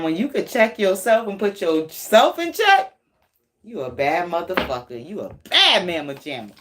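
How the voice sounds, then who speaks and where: Animated laughing woman reading tarot. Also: on the low side. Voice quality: laughs often, swears freely, very animated. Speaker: tarot reader.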